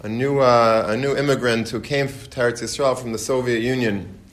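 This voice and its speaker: Man, speech to a gathering, halting, many fillers, mid pitch, religious teaching. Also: steady tone. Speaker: speaker at a community gathering. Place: room with gathered guests.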